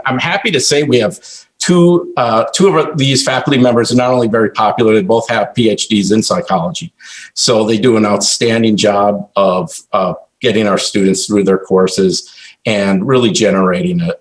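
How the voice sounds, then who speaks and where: A man with a fairly low voice gives a slide presentation to a college board. He speaks in a halting way and fills the gaps with many ums and uhs. He restarts his sentences often as he presents. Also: poor audio. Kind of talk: formal presentation at a board meeting.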